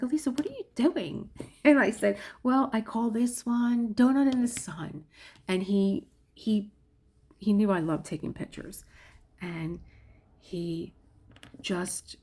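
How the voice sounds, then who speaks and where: A middle-aged woman telling a personal story candidly, halting often and restarting her sentences. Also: lowish voice. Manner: candid, halting, with frequent restarts and soft laughs.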